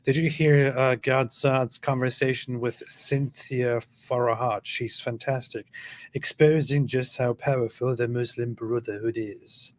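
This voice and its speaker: A man's voice: mid-range voice, steady tone, unhurried. A man hosting a live stream, reading chat comments aloud in casual chat and laughing often.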